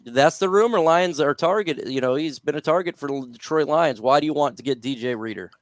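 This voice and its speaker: A man's voice: fairly high pitch, fairly quick, dry recording, studio quality. Upbeat man hosting a sports stream. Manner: upbeat, plugs his radio show. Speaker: host. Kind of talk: casual sports talk livestream.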